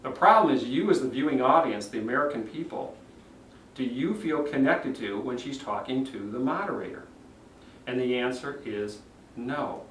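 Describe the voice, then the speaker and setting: A man's voice: medium pitch, moderate pace, slight background noise. A man working as a public speaking coach, critiquing speeches on video and acting out the delivery habits he describes. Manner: animated, demonstrates delivery himself. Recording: roomy echo, mic at a distance.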